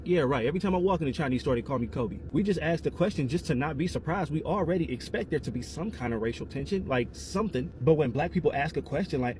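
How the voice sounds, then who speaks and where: A man delivers casual commentary at a quick clip, lively and joking. His voice sits a little high, and he keeps firing rhetorical questions at the viewer. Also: slight background noise. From United States.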